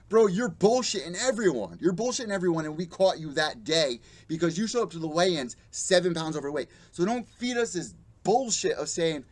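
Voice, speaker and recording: A man's voice: a little high, lively intonation, brisk, hardly any pauses. A young adult man hosting a live MMA show, ranting bluntly and profanely and mocking the fighters he quotes. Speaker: podcast host. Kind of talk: live-streamed MMA commentary rant.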